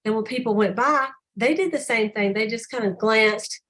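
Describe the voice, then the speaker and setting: An older woman leading a sales team call, telling stories animatedly and acting out customers' lines in a higher voice. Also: moderate pace. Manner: animated storyteller, acts out customer dialogue in a higher voice.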